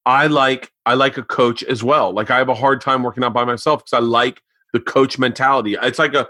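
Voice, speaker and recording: On a remote podcast mic, a forties-aged male host tells a story in casual chat, animated, swearing heavily and acting out quotes. His voice is mid-range and brisk, and the recording is dry.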